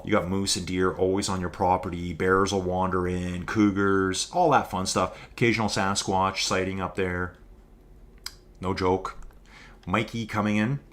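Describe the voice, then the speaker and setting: A man's voice: lowish voice, fairly bright tone. Rambling Albertan man calling a race. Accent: Albertan Canadian. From Alberta, Canada. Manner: rambling, joking asides. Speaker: live race commentator. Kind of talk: casual live-stream race commentary.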